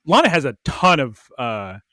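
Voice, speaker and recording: Lively animated man recapping a cartoon. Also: mid-range voice, normal speed, no echo, studio quality. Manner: animated, does little voices for characters. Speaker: podcast co-host. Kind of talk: casual recap chat.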